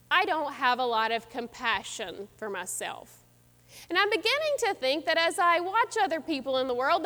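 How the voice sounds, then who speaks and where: A woman pastor preaches with earnest reflection, her high voice rising and falling in a lively sweep. The sound carries a long reverb, as from a large hall. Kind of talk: sermon.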